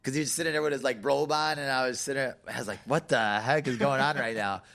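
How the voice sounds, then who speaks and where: Guy rattling off fight camp stories, quick and gravelly, tons of "like". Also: mid-range voice, a bit bright. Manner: fast, loose, full of "like", laughs while telling stories. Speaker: guest, fighter. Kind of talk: casual storytelling.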